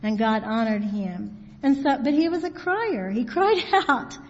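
A woman giving an informal sermon, reading scripture slowly and then talking it through plainly. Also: a little high, animated. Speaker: Bible teacher. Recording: dull sound in a hall with long reverb.

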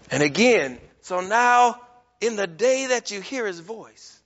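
This preacher's voice is high and bright, with lively intonation and an unhurried pace. He hammers his points, rising almost to shouting before going quiet, all on a muffled, dull recording with lengthy reverb.

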